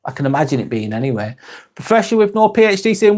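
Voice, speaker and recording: A man's voice: mid-range voice, big pitch swings, quick pace, a little mellow. A man from northwest England, hosting a live stream in a casual chat style, reading viewer comments aloud and replying in a friendly way.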